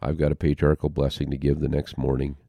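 Very deep gravelly older man. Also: completely flat delivery, warm tone, no room sound. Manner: halting and heartfelt, with pauses and restarts. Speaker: interview guest. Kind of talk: personal storytelling.

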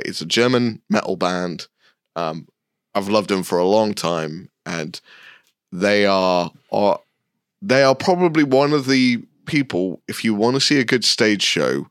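Man, podcast co-host, lowish voice, dry recording, enthusiastic rambling. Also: animated, a little slow, clean tone, dry recording. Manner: rambling, enthusiastic, laughs often. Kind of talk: casual chat.

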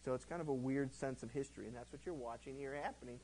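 A male pastor teaching verse by verse through a Bible book in a conversational, animated way, acting out the quotes he tells. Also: mid-range voice, fast talker, breathy edge, low-quality recording.

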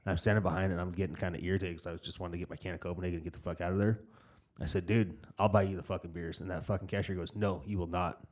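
A man's voice: low voice, little pitch movement, rapid-fire, darkish tone. A young man in casual podcast chat, cursing freely and rambling through stories. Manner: profane, rambling storyteller. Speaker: podcast co-host.

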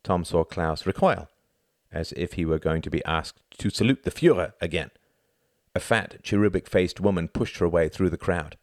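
A man with a low-sitting voice narrates a novel as an audiobook, telling the story in a measured, expressive manner. The studio sound is clean and echo-free.

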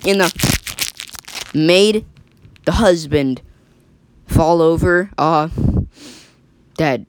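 A woman's voice: low voice, drawn-out words, long pauses. A woman telling an improvised story in a rambling way, full of likes and restarts. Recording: faint background noise.

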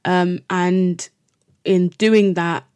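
A woman hosting a podcast, giving a reflective educational monologue in an earnest, measured way with frequent ums. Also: lowish voice, fairly even intonation, a little mellow, clear, resonant tone. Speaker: podcast host.

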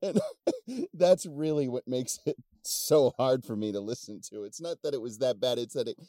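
A man's voice: medium pitch, lively intonation, moderate pace, dark tone, dry recording. A man co-hosting a podcast, joking and self-deprecating, swearing freely, close on the mic. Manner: jokey, self-deprecating, profane. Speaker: podcast co-host. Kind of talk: casual podcast banter.

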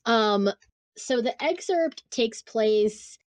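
A woman's voice: a little high, lively intonation, normal speed, no room sound. A woman co-hosting a casual podcast, talking bluntly and swearing freely as she reads book excerpts aloud. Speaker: podcast co-host. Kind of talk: casual chat.

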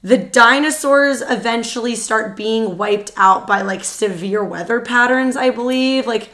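A woman co-hosting a podcast in casual chat, her voice worn out and tired, talking in an excitable, chatty way with quick asides. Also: on the high side. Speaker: podcast co-host.

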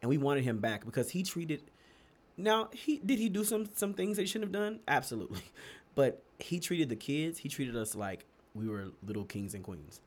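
A young Texan podcast co-host tells stories in a casual chat at normal speed, animated and laughing often. His pitch jumps up whenever he wants emphasis.

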